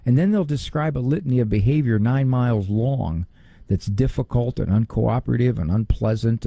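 A middle-aged man speaks with a gravelly, husky edge and a mellow, dark tone. His pitch swings widely as he talks, and he slips into higher voices to mimic other people. The sound is close and dry. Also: no room sound. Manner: animated, quick to mimic others in a high voice. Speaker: psychologist. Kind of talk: talk on parenting and faith.

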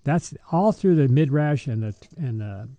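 A man's voice: medium pitch, lively intonation, measured pace, dark tone, dry recording. A man, a deacon, chatting casually about scripture and parish life, telling stories and laughing often. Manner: storytelling, laughs often, restarts sentences. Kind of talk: casual faith podcast chat.

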